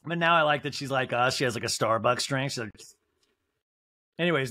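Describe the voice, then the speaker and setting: A man's voice: medium pitch, brisk, pauses often, pushed and bright, no room sound, clean studio sound. A man hosting a podcast, giving a rambling, comedic recap of a reality show with lots of fillers like "like". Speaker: podcast host.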